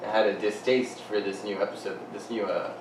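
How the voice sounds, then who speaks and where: A man's voice: fairly low pitch, steady tone, moderate pace, noisy background. A man co-hosting a podcast, chatting loosely with a friend and swearing freely. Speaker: podcast co-host. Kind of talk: casual chat. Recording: roomy, distant mic.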